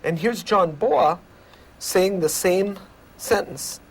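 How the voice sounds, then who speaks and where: A male researcher giving measured, lecturing explanations in an interview. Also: high-pitched, a little hiss or hum. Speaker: communication researcher.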